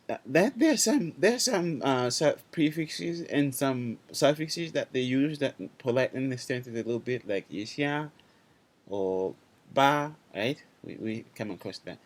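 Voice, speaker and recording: A man's voice: medium pitch, expressive, takes it slowly. A man teaching a language class online, talking loosely, repeating himself and checking in with his students.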